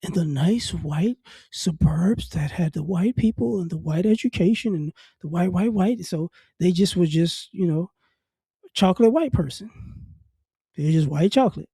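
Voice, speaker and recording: A man's voice: high voice, normal speed, mellow, slightly rough, no room sound, studio quality. A man from New Orleans with faint traces of a Southern accent, giving a blunt, casual opinion monologue and often repeating words as he builds a point. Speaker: commentary vlogger.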